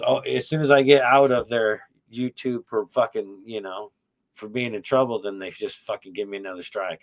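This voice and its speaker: A middle-aged man hosting a casual podcast chat, telling rambling, profane, wry stories about his YouTube channel. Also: on the low side.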